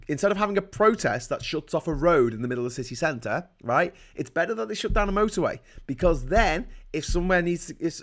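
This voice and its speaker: A man's voice: high voice, a bit bright. Swearing man in a heated rant. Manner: profane, heated and indignant. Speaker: livestream host. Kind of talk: ranting political commentary.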